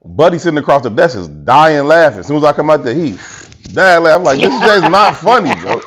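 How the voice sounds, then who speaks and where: Speaking fast in a fairly high voice, a weary podcast co-host recounts a story casually, laughing a lot and animatedly performing the quotes.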